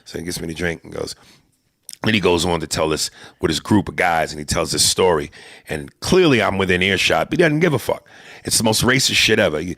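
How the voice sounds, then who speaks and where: Male comedian-host, gravelly and animated, casual profane banter. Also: deep voice, a little fast, no room sound, studio quality. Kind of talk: casual comedic podcast chat.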